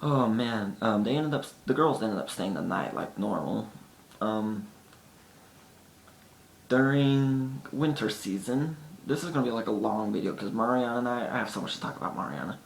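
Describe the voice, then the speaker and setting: A man's voice: moderate pace, vocal fry. Chatty man vlogging in an echoey room. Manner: chatty, often acts out friends' lines. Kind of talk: casual storytelling to camera. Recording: echoey room with faint rumble.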